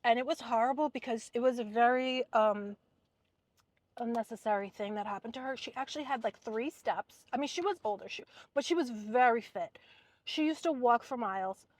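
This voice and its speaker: Brief: lively woman vlogger, slightly high voice, dry close sound, car storytime. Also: normal speed, no room sound. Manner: animated, acts out quoted people. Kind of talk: casual storytime chat.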